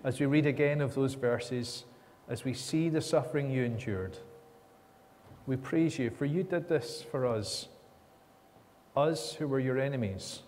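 A man's voice: medium pitch, unhurried, a little mellow, slight background noise. A man leading a church service, praying earnestly in flowing, repeated phrases. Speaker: minister leading worship. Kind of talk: spoken prayer. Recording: reverberant church with faint ambience.

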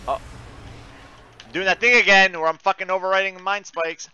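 Bright, swearing man playing a game. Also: high voice, steady tone, moderate pace, clear, resonant tone, highs cut off. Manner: swears a lot, frantic outbursts and mutters. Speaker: gaming streamer. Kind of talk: live gameplay commentary.

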